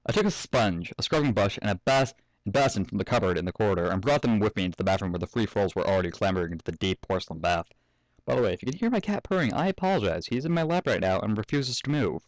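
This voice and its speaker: This is a casual fan story reading by a young man at home, broken up by his jokes, swearing and laughter. He speaks fast in a lowish, expressive voice. There's no echo, but the audio is poor.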